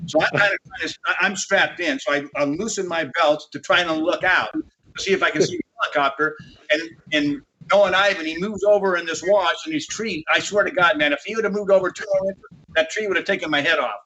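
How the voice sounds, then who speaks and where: A man's voice: fairly high pitch, fast talker, bright, forceful tone, a little hiss or hum. A man telling a rambling, salty off-road racing yarn to a panel in casual chat. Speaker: panel guest. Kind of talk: casual storytelling. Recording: dull lo-fi audio.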